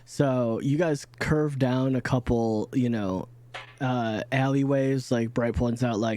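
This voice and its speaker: A man's voice: mid-range voice, fairly even intonation, takes it slowly, mellow. A man narrating as game master of a tabletop game, rambling with frequent restarts. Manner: rambling, many fillers and restarts.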